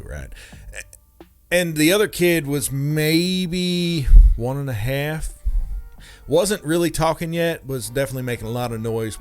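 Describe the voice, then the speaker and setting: A man telling a comic anecdote in a chatty way, with wry, mock-outraged asides and constant "right?" check-ins. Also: medium pitch. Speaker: comedic storyteller. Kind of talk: casual comedic anecdote.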